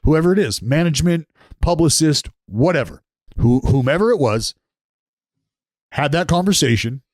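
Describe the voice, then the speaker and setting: A man's voice: on the high side, animated, normal speed, pauses often, darkish tone, no room sound, clean studio sound. A man in his thirties talking on a casual podcast, blunt and profane, telling stories with heavy emphasis. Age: 30s.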